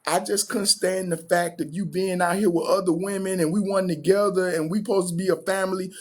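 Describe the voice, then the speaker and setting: Brief: pleading young ex-girlfriend, put on by a man telling a story, husky and a touch high. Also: steady tone, a little fast. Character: remorseful young woman, the speaker's ex-partner.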